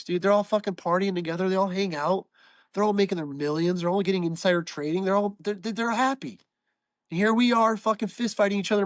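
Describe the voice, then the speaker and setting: A man's voice: high-pitched, no room sound. A man ranting as a podcast guest over a video call, profane, with a stuffed-up, nasal voice. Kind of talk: casual podcast chat.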